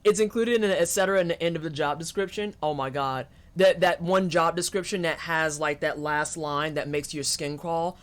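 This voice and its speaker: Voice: mid-range voice, moderate pace, hardly any pauses. A streamer joking and swearing through commentary while playing a horror game. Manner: joking, profane, animated. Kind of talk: live gameplay commentary.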